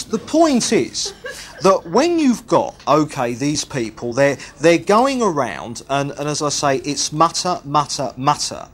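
A man preaching a sermon, teaching with repetition and humorous asides. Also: mid-range voice.

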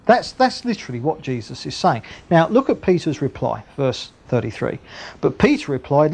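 A man preaching a Bible sermon, acting out the voices of the figures he quotes in a lively way. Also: on the high side, normal speed. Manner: animated, acts out the voices of biblical figures.

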